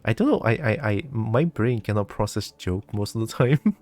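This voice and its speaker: A man's voice: fairly low pitch, sing-song, normal speed, a little mellow, dry recording. A man casually commenting while playing a video game, chatty and laughing often. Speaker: gaming streamer.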